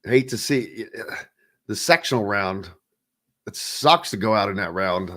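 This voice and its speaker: A man's voice: lowish voice, expressive, unhurried, a bit bright, dry recording, studio quality. A man hosting a casual sports talk radio show, rambling loosely with plenty of fillers and reading listener comments aloud.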